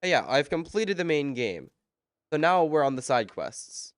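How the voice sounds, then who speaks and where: A man on a live game stream, talking casually and rambling as he answers chat between moves. His voice is smooth and clean, close to a desk mic with almost no room sound. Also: a little high, big pitch swings, normal speed, no room sound.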